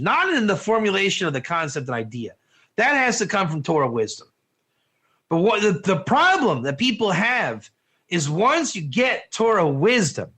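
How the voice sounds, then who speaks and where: A man teaching a live class on proverbs in an excitable, rambling way, often laughing and putting on accents. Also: high voice. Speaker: Torah teacher. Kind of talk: animated classroom lecture.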